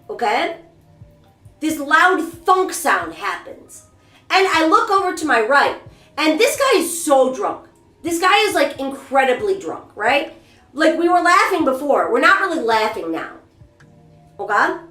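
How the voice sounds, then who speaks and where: A woman streamer telling a story to her chat in a casual, animated, rambling and self-mocking way. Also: sits high, roomy sound. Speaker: VTuber streamer. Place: bathroom during a bath.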